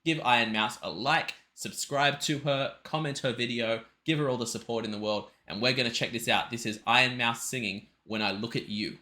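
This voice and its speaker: A man hosting a music reaction video, excitable and rambling, often restarting his sentences. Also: mid-range voice, a little fast, few pauses. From Australia. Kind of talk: casual reaction commentary.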